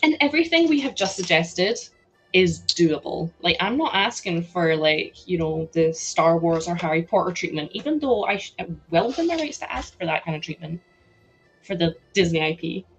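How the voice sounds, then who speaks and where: A young woman hosting a live stream, chatting excitedly and laughing as she builds a toy set. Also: lowish voice, normal speed, soft background music. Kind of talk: casual chat while building a toy set.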